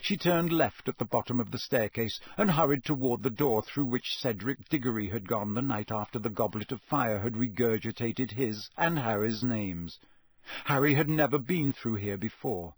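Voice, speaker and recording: A man narrating a storybook in a measured, expressive way. His voice is mid-pitched and recorded close, dry and without room sound. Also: breathy edge, no room sound. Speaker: audiobook narrator.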